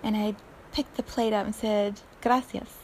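A woman hosting a reflective spiritual podcast, speaking softly and often near a whisper, laughing now and then. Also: medium pitch, little pitch movement, slight background noise. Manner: slow, soft, often breathy and near-whispered, with frequent laughs. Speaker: podcast host.

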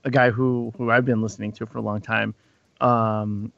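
A man co-hosting a podcast in casual chat, animated and often repeating words as he starts a thought. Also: fairly low pitch, normal speed, gravelly, no echo. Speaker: podcast co-host. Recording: dull lo-fi sound.

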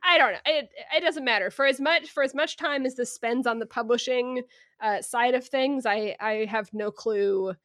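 A woman's voice: fairly high pitch, moderate pace, a bit bright, dry recording. A woman co-hosting a podcast in casual chat, thoughtful and hesitant with dry humor. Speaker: podcast co-host.

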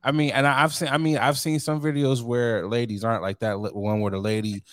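A man's voice: mid-range voice, little pitch movement, fairly quick, no echo. A man co-hosting a casual chat, joking, laughing often and acting out little scenes.

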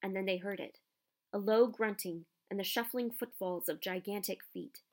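A woman reading a children's novel aloud with expressive storytelling. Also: medium pitch, normal speed. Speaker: narrator. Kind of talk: audiobook narration.

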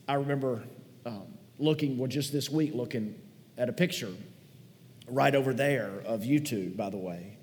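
A male pastor delivers a sermon in an easy, folksy, conversational way, drifting into warm sentimental storytelling. His voice sits at an ordinary middle pitch. A long reverb from the big hall trails behind every phrase. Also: normal speed, a little hiss or hum. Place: large church hall.

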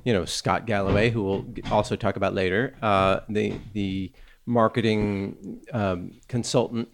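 A man's voice: fairly low pitch, fairly even intonation, unhurried, creaky. A man hosting a podcast in casual chat, rambling with many fillers and restarts. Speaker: podcast host.

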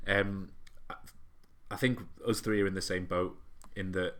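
Deep-voiced man musing out loud. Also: steady tone. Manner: reflective, halting, with many restarts and ums. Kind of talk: casual chat.

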